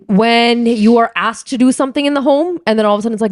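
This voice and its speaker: A woman co-hosting a podcast in casual chat, relaxed and agreeable, often murmuring "mm" while her partner talks. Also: on the high side, fast, no echo, studio quality. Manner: relaxed, agreeing, with frequent "mm" backchannels. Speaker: podcast co-host.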